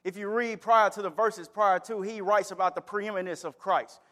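A man's voice: high voice, moderate pace, big-room sound. A man preaching a sermon in a church, reading scripture and then telling a story with rising, emphatic delivery. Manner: builds from calm reading to emphatic, raised delivery. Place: church sanctuary.

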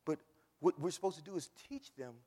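A man preaching a sermon, swinging from loud shouts down to hushed near-whispers. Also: fairly high pitch, a little fast, long reverb tail. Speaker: pastor.

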